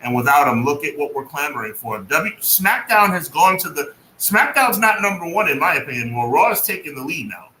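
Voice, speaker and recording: A man co-hosts a casual wrestling podcast, his voice bright and forceful. He sounds emphatic and opinionated, dropping sarcastic asides. The recording is echoey with a faint hiss behind him. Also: a little high, sing-song, brisk, hardly any pauses. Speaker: podcast co-host. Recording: echoey room with faint noise.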